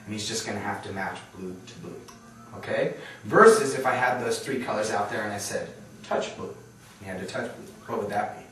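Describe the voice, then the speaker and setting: A man's voice: on the low side, fairly quick, fairly bright tone. A man teaching a training workshop, quizzing the audience and checking that they follow along. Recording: very echoey room, far from mic.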